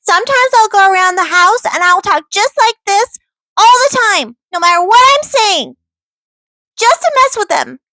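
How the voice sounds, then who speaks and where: Squeaky whiny baby-voiced mommy. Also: female voice, animated, moderate pace, pushed and bright, dry recording, full character voice. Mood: whiny pleading. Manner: pleading, whiny, singsong. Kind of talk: goofy put-on voice in a home vlog.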